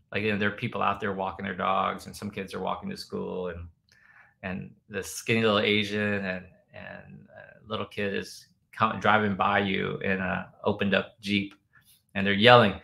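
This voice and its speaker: A man with a low, gravelly voice hosts a laid-back livestream and reads out viewer comments. His tone is bright and forceful, and he rambles loosely, now and then breaking into loud chants to make a point. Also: steady tone, normal speed, poor audio. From United States. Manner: bursts into loud chanting when demonstrating. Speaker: host answering viewer comments. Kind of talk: casual livestream chat.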